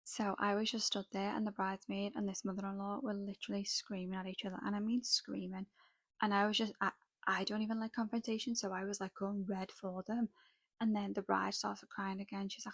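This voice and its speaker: A young woman chats through a storytime vlog, sprinkling "like" everywhere. Her pitch stays fairly level and even. The recording is dry and close, with no room sound. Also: a little fast, no room sound. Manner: chatty, filler-heavy storytelling with frequent "like". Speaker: makeup artist vlogger. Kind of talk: casual storytime while doing makeup.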